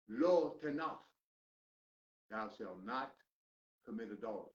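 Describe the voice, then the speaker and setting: An older man teaching a recovery class, lecturing in a preachy way and swinging between loud emphatic questions and low mutters. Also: lively intonation, a little slow. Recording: roomy, distant, dull lo-fi room recording.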